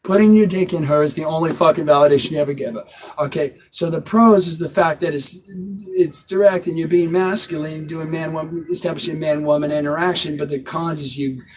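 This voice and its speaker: A man's voice: on the high side, fairly even intonation, fairly quick, darkish tone, a little hiss or hum, poor audio. A man giving blunt, profane dating advice as a coach, talking casually to the camera outdoors. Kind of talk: casual instructional talk to camera.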